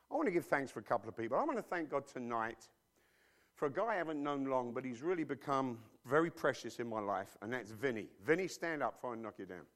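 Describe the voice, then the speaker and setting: A man's voice: on the high side, a little mellow. A man preacher delivering a sermon emphatically and bluntly, with informal slang and frequent rhetorical questions to his listeners.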